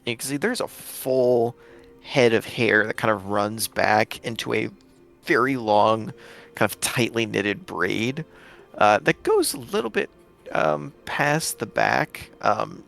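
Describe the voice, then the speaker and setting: A man narrates a tabletop scene as game master, pausing often and correcting himself mid-phrase. His voice has a gravelly, creaky texture, with soft music playing in the background. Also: medium pitch. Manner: halting, full of fillers and self-corrections.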